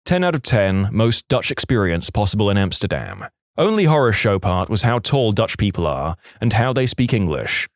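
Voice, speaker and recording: A man reading listener stories aloud as a narrator, with a lively storytelling delivery. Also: on the low side, moderate pace, no echo, clean studio sound. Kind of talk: scripted narration.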